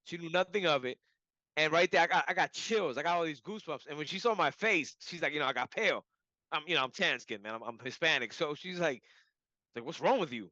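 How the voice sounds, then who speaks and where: A man telling a personal story in a casual, animated way, full of "like" and "you know". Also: a little high, fairly quick, no room sound. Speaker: client giving a testimonial. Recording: dull lo-fi audio.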